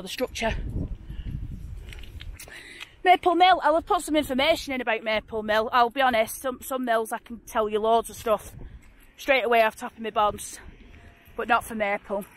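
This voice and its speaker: A woman from Oldham with an Oldham accent edging toward Yorkshire, chatting excitedly as she films a walking tour outdoors on a handheld phone. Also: fairly high pitch, a little hiss or hum. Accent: Oldham, with creeping Yorkshire. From Oldham, northwest England. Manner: chatty, exclamatory, rambling. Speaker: vlogger. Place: outdoors on streets. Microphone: handheld phone camera.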